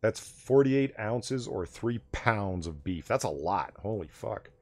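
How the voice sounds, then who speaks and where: A man's voice: fairly low pitch, expressive, takes it slowly, darkish tone, no echo, soft background music. A man hosting a late-night livestream chat, loose and rambling, laughing often as he tells stories and reads chat. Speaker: livestream host.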